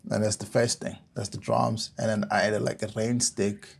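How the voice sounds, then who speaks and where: A man from South Africa, a music producer, giving a relaxed step-by-step software tutorial on making a track. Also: on the low side, moderate pace, vocal fry.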